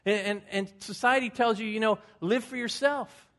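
Pastor, 50s, man, higher voice, relaxed storytelling sermon delivery. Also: normal speed. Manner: folksy, conversational, anecdotal.

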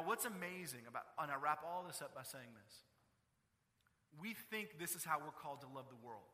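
Male pastor, bright forceful tone, fairly high, preaching with passion in a reverberant church hall. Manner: impassioned, rising to emphatic peaks then dropping to quiet. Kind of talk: sermon.

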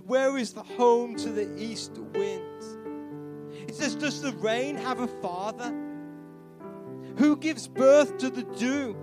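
A man preaches a sermon in a strikingly high voice, with guitar and band music playing beneath him. His delivery swings from hushed, near-whispered pleading to loud, soaring proclamation. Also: takes it slowly. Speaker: pastor. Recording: live church sermon with band playing behind.

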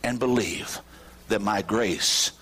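A man preaching a sermon to his congregation, climbing to shouted peaks and dropping to low, drawn-out phrases. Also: breathy edge. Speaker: pastor. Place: church sanctuary with congregation.

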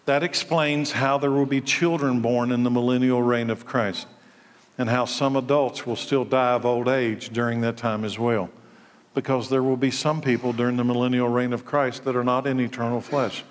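A man's voice: medium pitch, fairly even intonation, normal speed. A male pastor preaching a sermon, emphatic and full of rhetorical questions. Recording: long reverb of a large hall.

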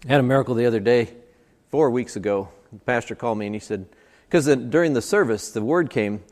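A man preaching in a mid-pitched voice, pressing his points hard by stacking repeated phrases one after another. The sound rings with a long hall reverb, as if at a church service. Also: quick pace, darkish tone. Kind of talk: sermon.

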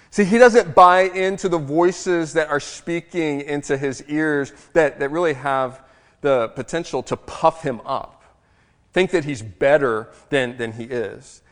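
A man gives a sermon in a lively, conversational way, with the occasional self-deprecating aside. His voice sits a little high for a man, and a long reverb trails every phrase in the church sanctuary. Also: measured pace. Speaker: pastor.

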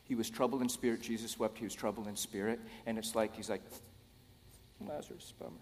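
A man's voice: lowish voice, flat delivery, fast. A man preaching a sermon in a casual, conversational way, with joking asides to the congregation. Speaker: pastor. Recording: long hall reverb.

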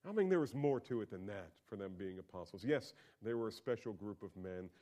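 Lower-voiced male pastor preaching a sermon. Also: lively intonation, fairly quick. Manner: conversational, with big swings from quiet asides to loud emphatic peaks.

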